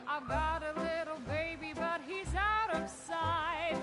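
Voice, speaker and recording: An actress voicing a young ragtime stage singer who chats to the crowd and sings a song. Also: female voice, extremely high pitch, fairly even intonation, takes it slowly. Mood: singing. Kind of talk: period stage song and patter. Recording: game audio with loud music.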